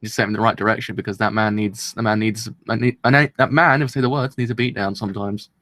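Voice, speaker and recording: A man's voice: on the low side, steady tone, fast, fairly bright tone. A man hosting a live anime reaction, talking in a rambling, chatty and self-deprecating way and laughing often.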